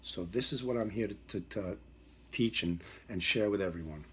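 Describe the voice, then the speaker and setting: A man's voice: fairly low pitch, normal speed, a little hiss or hum. A middle-aged man, a dog trainer, telling a story in an emphatic, repetitive way and acting out the voices in it. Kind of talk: storytelling monologue.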